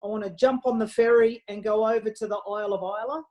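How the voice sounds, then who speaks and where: A woman's voice: medium pitch, steady tone, fast, lo-fi sound. Chatty woman hosting a wine stream. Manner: chatty, rambling with many fillers. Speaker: wine show co-host. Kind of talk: casual live-stream chat.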